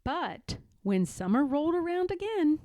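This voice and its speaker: A woman reading a children's picture book aloud, expressive and giving voices to the dialogue, in a quiet small room. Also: sits high, unhurried, no echo. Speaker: read-aloud narrator.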